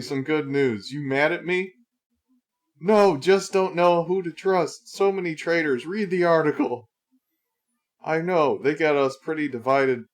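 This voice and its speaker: Dry, mocking male streamer. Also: on the high side. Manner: dry, mocking, laughs often. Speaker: livestream host reacting to videos. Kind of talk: casual reaction commentary.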